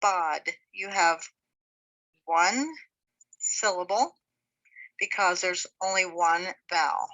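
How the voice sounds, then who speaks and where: Lady teacher going really slow, bright clear voice, breaking words into syllables. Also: lowish voice, fairly even intonation, muffled recording. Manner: slow, patient, sounds out syllables one by one. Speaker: Hebrew teacher. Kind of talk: slow spoken language lesson.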